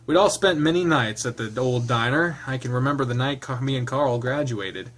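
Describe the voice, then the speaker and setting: A man's voice: mid-range voice, moderate pace, fairly bright tone. Man casually reading a game aloud. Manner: casual, laughing, swearing asides. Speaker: visual novel reader. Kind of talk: reading a visual novel aloud with commentary.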